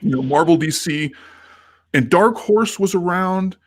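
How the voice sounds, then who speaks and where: A man's voice: high voice, animated, unhurried, a little hiss or hum. Chatty man telling a long story. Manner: rambling storyteller, acts out quoted dialogue. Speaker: podcast co-host. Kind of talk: casual chat.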